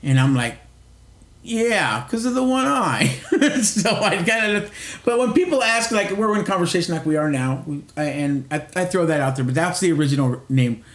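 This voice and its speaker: A man's voice: a little high, animated, fairly quick, reverberant. Rambling middle-aged man telling a story. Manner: rambling storyteller, frequent restarts and swearing. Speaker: podcast co-host. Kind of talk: casual chat.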